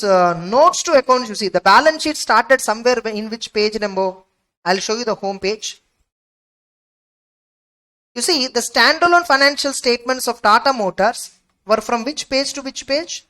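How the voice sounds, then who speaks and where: Woman with teaching an exam revision class, fairly high voice, keeps asking yes or no and repeating key words. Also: fairly bright tone, rough recording. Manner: rhetorical questions answered herself, emphatic repetition. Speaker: accounting exam tutor. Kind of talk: recorded revision lecture.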